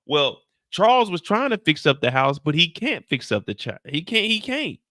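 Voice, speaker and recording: A man hosting a live stream, recapping a TV episode in casual chat, animated and slangy and talking straight to his viewers. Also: a little high, moderate pace, dry recording, clean studio sound. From United States. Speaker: show host recapping a TV episode.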